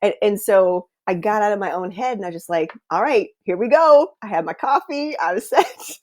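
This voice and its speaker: A woman's voice: medium pitch, fairly quick, darkish tone. A woman guest sharing her story candidly on a video call, upbeat and laughing often. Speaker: guest client. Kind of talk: casual interview chat.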